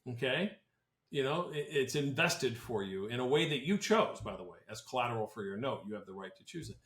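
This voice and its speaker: A man's voice: mid-range voice, lively intonation, brisk, fairly bright tone. A man who advises on tax planning talks on a podcast in a casual, blunt and opinionated way, often restarting his sentences. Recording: roomy echo.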